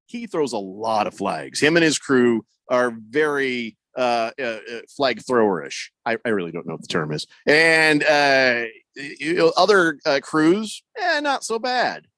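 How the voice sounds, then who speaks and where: A man's voice: mid-range voice, sing-song, a little slow, a bit bright, no room sound. A man hosting a sports radio show, rambling and joking, acting out quotes in mock voices. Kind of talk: casual sports talk.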